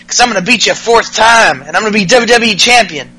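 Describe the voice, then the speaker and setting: High, bright-voiced profane podcast host. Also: male voice, lively intonation, fast, husky, poor audio. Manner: profane, jokey, acts out wrestlers' lines in mocking voices. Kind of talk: casual wrestling recap.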